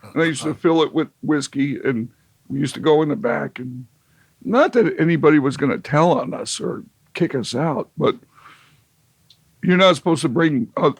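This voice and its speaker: A man's voice: fairly high pitch, normal speed, slightly rough, no echo. A man telling a long, wry, rambling story as an interview guest, with lots of fillers and restarts. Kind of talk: casual storytelling.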